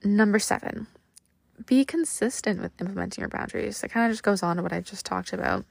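A woman's voice: medium pitch, a little fast, gravelly, no room sound. A young woman hosting a casual self-help podcast, chatty with lots of fillers, acting out little quoted lines. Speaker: podcast host.

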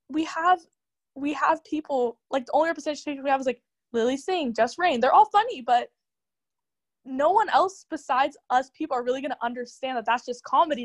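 High-voiced young woman talking fast. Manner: fast, animated talk with many "like" fillers. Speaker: guest. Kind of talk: casual chat.

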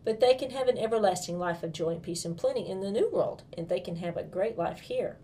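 A woman voicing a kind, solemn young king who is a big brother, speaking in a gentle, earnest, preaching manner in a storybook reading. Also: medium pitch, animated, brisk, a little hiss or hum, natural voice.

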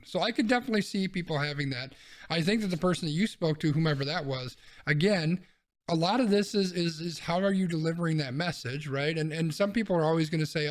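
Guy on a podcast thinking out loud, restarts a lot, slightly higher voice. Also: fast talker. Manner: reasoned, repeats words as he thinks. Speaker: podcast co-host. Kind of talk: casual chat.

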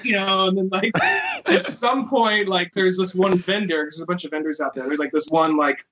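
A man's voice: sits high, fairly quick, fairly bright tone, muffled recording. A man hosting a podcast, telling rambling, profane stories in casual chat. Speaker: podcast host.

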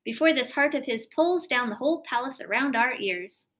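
A blustering old storybook king who bursts out loudly whenever something startles him, as a woman reading the tale puts him on. His voice sits fairly high and carries a fussy, royal bluster. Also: expressive, normal speed. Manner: loud exclamations.

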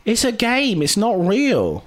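A man's voice: high voice, huge pitch swings, slow pace. Sweary man hosting a casual podcast. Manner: swears a lot, rambling and jokey. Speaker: podcast host. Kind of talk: casual chat. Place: hot indoor room.

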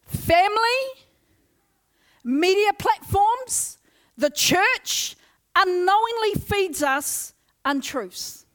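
A young woman preaching an energetic Pentecostal sermon in a church, loud and exclaiming as she leads the congregation in call-and-response. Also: very high voice, extremely slow, pauses often. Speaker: guest preacher. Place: church service.

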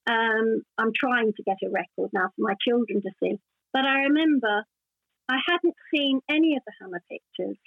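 Older lady actress rambling thru old stories, high voice, kinda husky, sounds like a phone call. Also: no echo. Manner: warm, chatty anecdotal storytelling with many restarts. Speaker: actress guest. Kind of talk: casual interview chat. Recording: dry tinny phone-like line.

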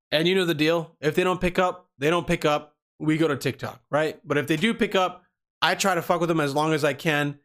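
A man hosting a podcast, talking casually, crude and excitable, stammering at times. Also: on the high side. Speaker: podcast host.

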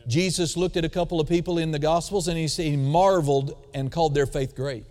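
Booming preacher in a reverberant hall. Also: male voice, steady tone, fairly quick. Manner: dramatic swings between booming emphasis and quiet asides; calls for audience response. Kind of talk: sermon. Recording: long reverb of a large hall.

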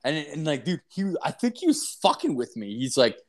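A man's voice: a little high, huge pitch swings, moderate pace. A young man, co-hosting a podcast and telling crude, rambling stories full of swearing and fillers. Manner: profane, rambling, lots of fillers. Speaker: podcast co-host. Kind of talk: crude casual storytelling.

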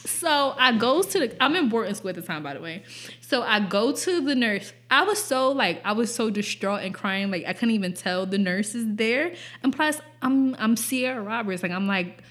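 A woman's voice: on the high side, lively intonation, normal speed, fairly bright tone. A young woman hosting a podcast, telling a personal story in casual chat, blunt and profane and often laughing. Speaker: podcast host.

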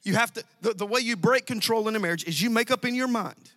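A man preaching a sermon to a congregation, emphatic and repetitive, with sudden loud outbursts. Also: high-pitched, fast talker, few pauses. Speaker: pastor. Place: church sanctuary. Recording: dry sound with long hall reverb.

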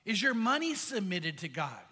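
A man's voice: high voice, very animated, normal speed, sharp tone, breathy edge, long reverb tail. A man preaching a sermon as pastor, earnest and conversational, asking the congregation questions.

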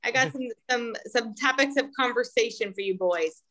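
A woman's voice: a little high, moderate pace, fairly bright tone, low-quality recording. A woman hosting a podcast, chatting casually and laying out the next topic. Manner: brief affirmations, then explains topics. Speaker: podcast host. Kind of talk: casual chat.

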